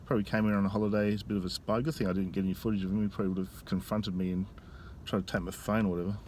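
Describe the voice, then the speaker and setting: A man telling a story in a casual vlog, speaking into a phone camera outdoors in a busy tourist area. He talks in a rambling, halting way with frequent restarts. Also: on the low side, little pitch movement, darkish tone, slight background noise. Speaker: vlogger.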